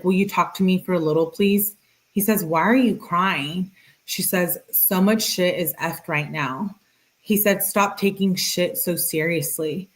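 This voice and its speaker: A woman hosting a commentary video, reading text messages aloud in a plain, unhurried way with dry asides. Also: lowish voice.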